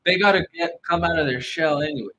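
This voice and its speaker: A man's voice: on the high side, quick pace, bright, forceful tone, poor audio. A man giving a casual online tarot reading, blunt and profane, with loose, rambling phrasing. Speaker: tarot reader.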